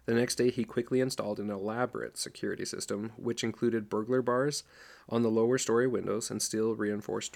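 A middle-aged man reading a novel aloud as narrator, in a steady storytelling voice. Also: lowish voice, vocal fry. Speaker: audiobook narrator. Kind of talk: scripted narration.

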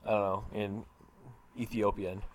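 A man's voice: fairly low pitch, little pitch movement, a little slow. A man from Canada co-hosting a podcast, mostly agreeing in short, easygoing replies. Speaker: podcast co-host. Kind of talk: casual chat.

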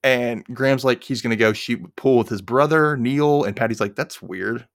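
A man's voice: medium pitch, moderate pace, no room sound, studio quality. A man hosting a podcast, chatting casually through an episode recap and acting out the characters' lines. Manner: animated, acts out characters' lines in raised voices. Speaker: podcast host.

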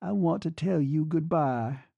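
A man's voice: a little high, measured pace, creaky, dark tone, breathy edge, no echo, dull audio, heavily acted. Man voicing a distraught young woman. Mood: pleading. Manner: unsteady, pleading, broken.

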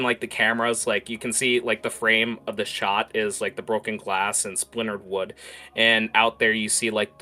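A man narrating a tabletop role-playing game as game master, with lively scene-setting and frequent fillers. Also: lowish voice.

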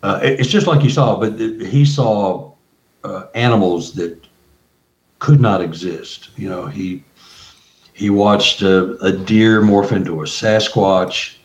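A man, a guest researcher and author, telling an excited story full of quoted dialogue and restarts. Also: lowish voice, slow pace. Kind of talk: animated storytelling. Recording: roomy, distant, dull remote audio.

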